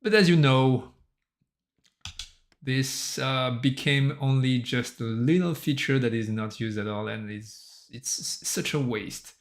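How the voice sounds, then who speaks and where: A solo game developer talks slowly in a mid-range voice on his livestream, his French accent and slightly sore throat noticeable. The chat is casual and meandering, and he keeps amusing himself.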